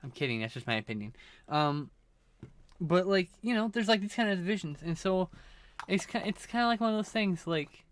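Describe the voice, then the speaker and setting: Man, streamer, sleepy rambling chat with casual swearing; smooth, resonant tone. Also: high voice, animated, fairly quick. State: sleepy, yawning.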